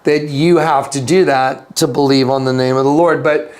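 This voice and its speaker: A man's voice: mid-range voice, steady tone, normal speed, a little mellow. A man telling a story as an interview guest, wandering between asides and acting out other people's lines in a raised voice. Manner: rambling, with frequent restarts and asides. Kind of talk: casual storytelling.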